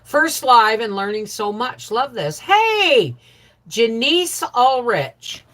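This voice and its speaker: A middle-aged woman hosting a casual homestead livestream, greeting viewers by name and chatting warmly. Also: fairly high pitch, big pitch swings, takes it slowly. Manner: chatty, warm greetings to viewers, laughs often. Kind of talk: casual live chat reading viewer comments.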